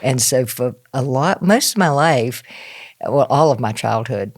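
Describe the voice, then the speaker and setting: A man's voice: mid-range voice, expressive, measured pace, dry recording, studio quality. A man hosting a podcast who talks casually, laughing often and restarting his sentences. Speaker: podcast host. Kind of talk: casual conversation.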